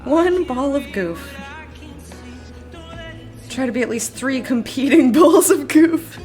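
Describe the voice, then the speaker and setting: A tired woman with a high-pitched, expressive, slightly mellow voice talks slowly over soft background music. On her live stream she rambles casually, giggles frequently, and answers viewers by reading their messages aloud.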